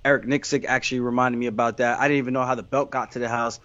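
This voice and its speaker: A man's voice: medium pitch, steady tone, rapid-fire, a bit bright, no echo. Fighter guy talking candid, rambly, restarts a lot, kinda muffled dry sound. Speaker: fighter being interviewed. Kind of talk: casual interview answers.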